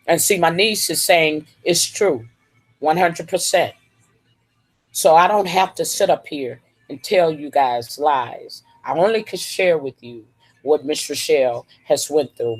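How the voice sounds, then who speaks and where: A middle-aged woman, giving an emphatic, preachy testimony on a live stream. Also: low voice. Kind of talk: encouraging testimony.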